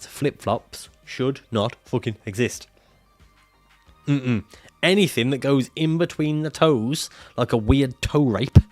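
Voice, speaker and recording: A man livestreaming casually, reading out viewer comments and answering them in a jokey, profane way and laughing often. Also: mid-range voice.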